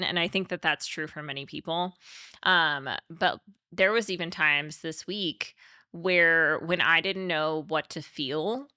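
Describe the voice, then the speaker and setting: A young woman with a low, bright voice, sharing candidly on a podcast. She speaks openly and emotionally, looping through fillers as she works out her thoughts. The sound is dry and close, her tone crisp. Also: dry recording. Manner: open and emotional, quick, many "like" fillers. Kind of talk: candid conversational podcast talk.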